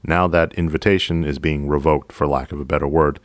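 A police officer with a very low voice recounts a call at an easy, unhurried pace, swearing casually and staying deadpan. The sound is close and dry, with no room around it. He talks like he's chatting with a colleague. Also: dry recording. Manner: casual, profane, deadpan storytelling. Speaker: podcast host, police officer. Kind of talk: storytelling podcast monologue.

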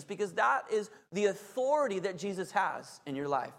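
High-voiced man preaching in a reverberant hall. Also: very animated, normal speed, creaky, a bit bright. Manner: emphatic, conversational preaching with asides. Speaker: pastor. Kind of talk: sermon. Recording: long reverb of a large hall.

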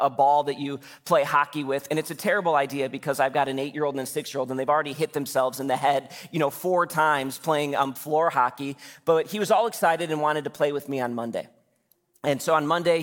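Lively pastor in echoing church. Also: male voice, on the high side. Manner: conversational, lively preaching with casual asides. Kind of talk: sermon. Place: church sanctuary.

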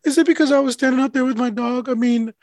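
A man voicing an odd young male customer with a high-pitched, childlike voice, talking in a halting, polite way. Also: steady tone, darkish tone, no room sound, clean studio sound. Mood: earnest.

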